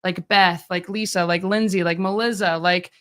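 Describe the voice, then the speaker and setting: A woman's voice: fairly low pitch, steady tone, moderate pace, a bit bright. A woman hosting a live Q&A over a video call, chatty and enthusiastic. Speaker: host.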